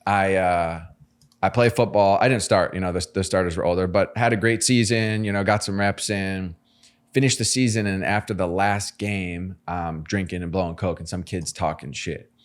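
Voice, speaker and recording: Man, podcast guest, lowish voice, animated, slangy, storytelling. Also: moderate pace. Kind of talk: casual storytelling interview.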